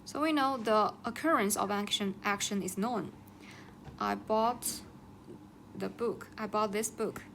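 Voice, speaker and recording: A woman teaching Chinese vocabulary and grammar in English, saying each word twice with slow, careful explanations. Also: medium pitch, creaky, fairly bright tone, slight background noise.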